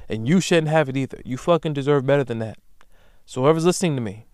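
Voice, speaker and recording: Smooth-voiced man ranting on a podcast. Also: mid-range voice, quick pace, dry recording, clean studio sound. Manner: emphatic, profane, with loud animated bursts. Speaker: podcast host. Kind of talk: solo comedic podcast rant.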